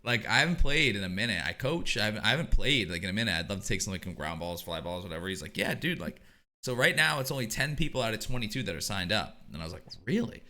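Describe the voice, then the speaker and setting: Young guy on a podcast, kinda low voice, bright and lively, tells stories fast and loose. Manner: animated storytelling, swears a lot, laughs often. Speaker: podcast co-host. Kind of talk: casual podcast chat.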